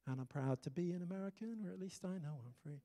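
A British pastor preaches a sermon that is emphatic and humorous, with sudden punchy exclamations. His voice is high, fast and dark-toned, heard with long hall reverb.

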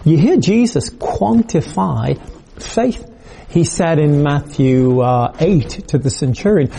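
A man's voice: fairly high pitch, lively intonation, measured pace, creaky, dark tone, breathy edge. A man preaching a video sermon in a conversational, storytelling way, acting out quoted voices.

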